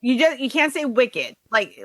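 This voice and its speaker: A woman's voice: high voice, big pitch swings, normal speed, fairly bright tone, no room sound. A woman in her forties from New Hampshire with a light New England accent, talking casually as a guest on a podcast and laughing easily. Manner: chatty, quotes herself often, laughs easily. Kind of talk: casual interview conversation.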